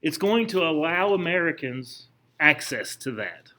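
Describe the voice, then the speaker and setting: A man's voice: a little high, big pitch swings, a little slow, pushed and bright. Question-asking history teacher, man. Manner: conversational, asks the class questions, frequent restarts. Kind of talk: classroom lecture. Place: classroom.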